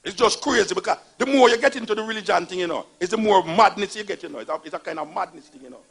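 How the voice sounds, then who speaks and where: Gravelly Jamaican man, emphatic storyteller. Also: high-pitched, racing. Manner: emphatic, animated, mocking retellings. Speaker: speaker on religion. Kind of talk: storytelling monologue.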